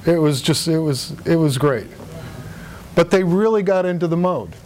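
A man's voice: on the high side, moderate pace, darkish tone, slight background noise. A man in his sixties talking casually at a meeting, telling a rambling anecdote with lots of ums and uhs. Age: 60s. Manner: rambling storyteller with frequent fillers and laughs. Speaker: speaker at a political meeting. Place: hotel meeting room.

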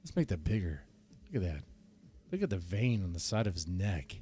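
A man's voice: deep voice, big pitch swings, moderate pace, warm tone, breathy edge. A male streamer giving mocking, sarcastic commentary over a clip.

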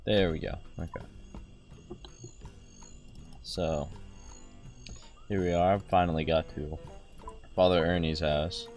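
A young man with a very low, deep voice talks through a video game in a loose, jokey, rambling way. He keeps acting out snippets of dialogue as he goes. Faint music plays softly behind him. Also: fairly even intonation, takes it slowly, pauses often. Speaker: gaming video host. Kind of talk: joking gameplay commentary.

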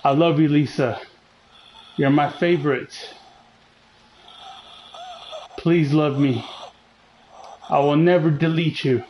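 A man talks through a horror game in a slow, drawn-out way, teasing the game and joking as he goes. His voice sits a little high for a man. A faint ambient hum runs underneath. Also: fairly even intonation, highs cut off. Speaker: gaming channel host. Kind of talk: live horror game commentary.

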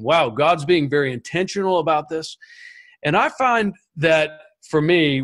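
A man on a panel telling his spiritual testimony in an animated way, often repeating words as he goes. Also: a little high. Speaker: panel guest. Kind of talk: storytelling testimony.

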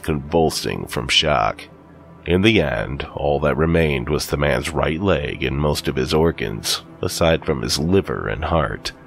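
A man reads a scripted horror tale in a very deep, gravelly voice that moves with lively pitch. His delivery stays steady and deliberate. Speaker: narrator.

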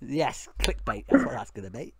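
Loud crude man with a wildly swinging voice. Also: mid-range voice, wildly swooping pitch, normal speed, gravelly, breathy edge, dry recording, studio quality. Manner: loud, crude, teasing, jumps between voices. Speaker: video chat prankster. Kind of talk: crude comedic video chat.

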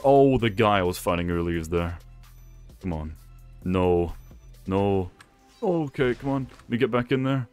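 A young man giving excitable gameplay commentary, talking to himself and laughing often. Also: on the low side, a little slow, long pauses, soft background music. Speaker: gaming YouTuber.

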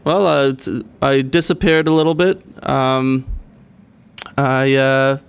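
A rabbi speaking as a studio guest on a radio show, his voice smooth and resonant. He explains in an earnest, halting way with many ums and pauses. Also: medium pitch, fairly even intonation. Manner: hesitant, many fillers, earnest. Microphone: studio microphone.

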